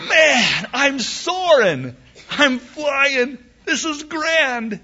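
A preacher squeaking out a frantic baby eaglet. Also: male voice, big pitch swings, very slow, bright, forceful tone, dull audio, heavily acted. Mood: thrilled. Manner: squawky, frantic outbursts. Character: panicky young male eaglet, cocky then thrilled.

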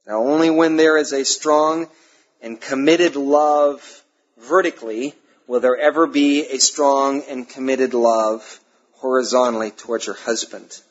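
A male pastor preaching a sermon, emphatic, repeating key phrases and pausing between them. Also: medium pitch, slightly rough. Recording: dull lo-fi sermon recording.

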